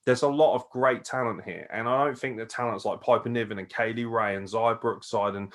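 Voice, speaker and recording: Excitable, profane co-host. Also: male voice, medium pitch, brisk. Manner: excitable, swears freely, laughs often. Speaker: podcast co-host. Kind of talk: casual wrestling news chat.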